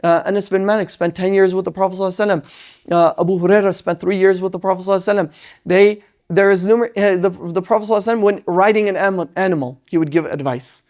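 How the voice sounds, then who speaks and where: A lecturer giving an Islamic parenting lesson. They speak in a lively way, often tag lines with "right?", and briefly act out parents and children. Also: medium pitch, very fast. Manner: animated, tags lines with "right?"; acts out parents and children in quoted voices.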